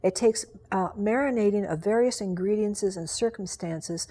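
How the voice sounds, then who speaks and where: A woman in her sixties hosting an interview, asking reflective, measured questions. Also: mid-range voice, dark tone. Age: 60s. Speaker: interview host. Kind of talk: conversational interview.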